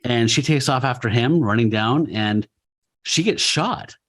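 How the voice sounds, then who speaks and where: Mid-pitched man recapping a comic. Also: animated, measured pace. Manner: recaps the story in a running play-by-play, wry asides. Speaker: podcast co-host. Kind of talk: casual comic-book podcast chat.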